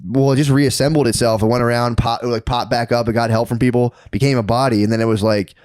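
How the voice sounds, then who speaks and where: A man's voice: mid-range voice, fairly even intonation, quick pace, darkish tone, no echo, studio quality. A man co-hosting a podcast in casual chat, laughing often and swearing freely. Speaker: podcast co-host.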